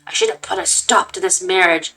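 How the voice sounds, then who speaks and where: A woman voicing a guilt-maddened old grandfather who rants and shouts at his family. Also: a little high, normal speed, voice pushed up, natural voice, poor audio. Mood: raving. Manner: shouting, ranting. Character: raving old male grandfather, guilt-mad, zealous.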